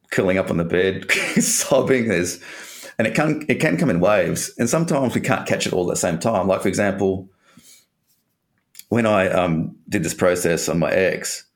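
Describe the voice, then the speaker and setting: A man's voice: low voice, a little slow. A man from Australia telling a candid personal story in an interview, rambling and swearing casually.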